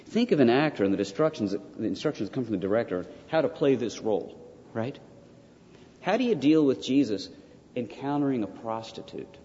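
A man's voice: mid-range voice, expressive, brisk, dark tone. An older man giving a theology lecture, emphatic, repeating key points and asking rhetorical questions. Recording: lo-fi lecture recording with long reverb.

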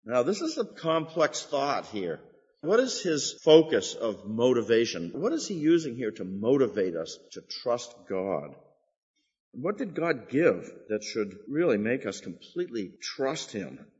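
A man's voice: mid-range voice, very animated, unhurried, darkish tone. A man teaching a church study group as its pastor, earnest and emphatic, asking questions and answering them himself. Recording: echoey hall, dull lo-fi sound.

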